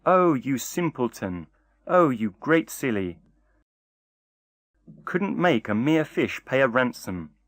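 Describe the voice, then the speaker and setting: A man voicing a greedy old peasant wife in a storybook, scolding and shrill. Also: very animated, slow, pauses often, a bit bright, no room sound, clean studio sound.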